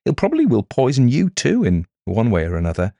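A man voicing a fussy middle-aged spinster schoolteacher who speaks in a sharp, accusing way. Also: mid-range voice, wildly swooping pitch, fairly quick, gravelly, no echo, clean studio sound, pitched above the performer's own voice, full character voice. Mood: stern.

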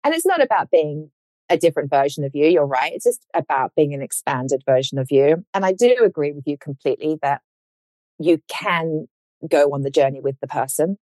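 Low-voiced woman coach giving advice. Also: fairly quick, no room sound. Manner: encouraging, reflective, animated in bursts. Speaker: dating coach and author. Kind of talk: casual podcast conversation.

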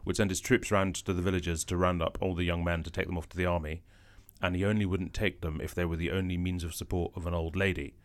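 Man, deep, brisk. Scottish guest with a wandering accent, chatty, restarts a lot. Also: flat delivery. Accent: Scottish-tinged English, shifting. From Scotland. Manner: quick, chatty, with many restarts. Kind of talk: casual conversation.

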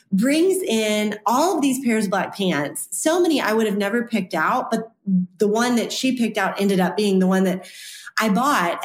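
A woman guest author telling a personal story in an animated, chatty way during an interview. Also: medium pitch. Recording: roomy echo.

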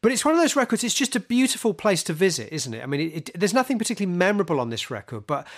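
A man co-hosting a podcast, talking in a casual, wry way and leaning on questions like "isn't it?" to draw in his partner. His voice sits a little higher than most men's, and he sounds emphatic and amused. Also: sing-song, rapid-fire. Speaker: podcast co-host. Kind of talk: casual music chat.

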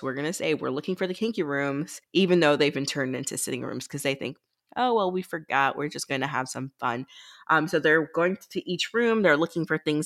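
A woman's voice: sits low, fairly bright tone. A woman co-hosting a podcast, leading a casual book-club chat and recapping the plot with quoted lines from the characters.

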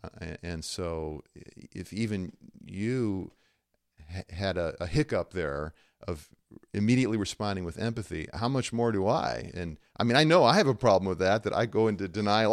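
A man with a fairly low voice hosts a faith podcast and tells stories in an animated way, acting out the people he quotes. The sound is dry and close, with no room around it. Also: normal speed, no room sound. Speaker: podcast host.

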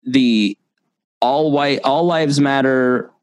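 A man's voice: medium pitch, slow pace, clear, resonant tone, no room sound, rough recording. A man hosting a podcast in casual conversation, often restarting and repeating words as he talks. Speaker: podcast host.

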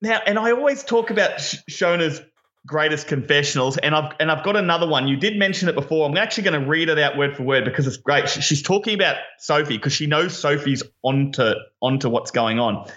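A man co-hosting a podcast in casual chat, animated and tripping over repeated words when excited. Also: fairly high pitch, a little fast, dull audio. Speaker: podcast co-host.

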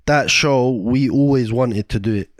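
A man's voice: medium pitch, unhurried, dry recording, clean studio sound. A young man in his twenties with a London accent, co-hosting a casual podcast and chiming in with teasing remarks. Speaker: podcast co-host. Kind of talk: casual chat.

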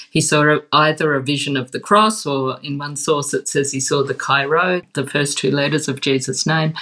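Woman guest, bright tone, animated and laughing storyteller. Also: deep voice. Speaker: guest expert. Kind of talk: conversational interview.

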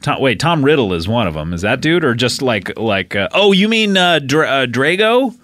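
A man's voice: mid-range voice, sing-song, moderate pace, a bit bright, no echo, studio quality. A man co-hosting a podcast, chatting in casual comedic banter, playful and teasing, laughing often. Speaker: podcast co-host.

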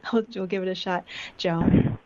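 A woman's voice: fairly low pitch, steady tone, moderate pace, a little mellow. A woman hosting a call-in show, friendly and affirming, chatting casually with callers and guest. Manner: friendly, affirming, laughs easily. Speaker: radio show host. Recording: slightly dull lo-fi sound.

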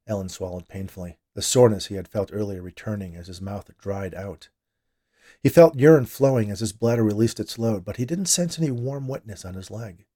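A man reading a horror story aloud, quiet and low between the lines of dialogue. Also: brisk. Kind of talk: dramatic horror narration.

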